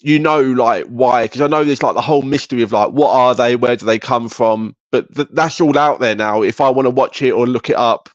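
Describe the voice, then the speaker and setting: A man's voice: medium pitch, fairly quick, hardly any pauses, no echo, highs cut off. A man hosting a casual podcast chat, asking lots of curious questions and swearing casually. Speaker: podcast host.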